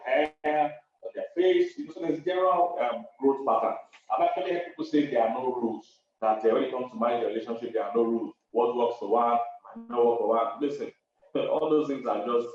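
A man's voice: mid-range voice, darkish tone. A male pastor and counselor hammers his points home, repeating key phrases and laughing between them. His voice comes from far off the mic in a very echoey room. The sound is muffled and dull. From Africa. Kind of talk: preaching to an online audience.

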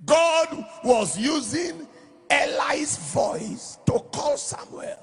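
High gravelly preacher guy, shouty sing-song sermon. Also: expressive, extremely slow, soft background music. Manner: emphatic preaching, shouting and lilting on key phrases. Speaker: pastor.

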